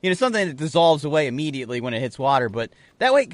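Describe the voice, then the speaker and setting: A man co-hosting a podcast, rambling through animated, profane stories in casual banter. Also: on the high side, very fast, no echo. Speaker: podcast co-host.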